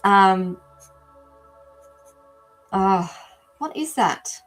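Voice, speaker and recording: A woman's voice: mid-range voice, lively intonation, drawn-out words, soft background music, low-quality recording. A woman hosting a live animal communication show, talking casually to viewers and thinking aloud with many ums. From not from America. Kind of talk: live-stream reading for viewers.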